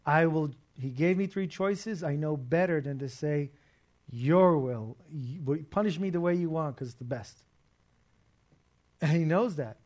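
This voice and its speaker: A man's voice: on the high side, darkish tone. A man preaching a sermon to a congregation and online viewers, talking in a conversational, emphatic way. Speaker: pastor.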